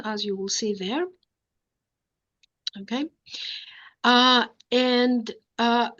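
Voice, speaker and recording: A woman giving an academic lecture, explaining step by step, often pausing on "uh" and checking with "okay?". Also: a little high, fairly bright tone, lo-fi sound.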